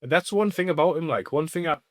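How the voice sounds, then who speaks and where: A comedian co-hosting a casual podcast tells animated anecdotes and swears constantly in this storytelling chat. His voice is a little high and fast, captured on a dry, clean studio recording.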